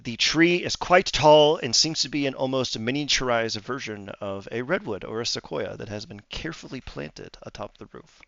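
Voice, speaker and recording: Dude narrating a tabletop game, jokey, cracks up a lot, dull muffled dry sound. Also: male voice, medium pitch, lively intonation, normal speed, gravelly, few pauses, a bit bright, dry recording. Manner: joking, laughs often while describing scenes. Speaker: game master.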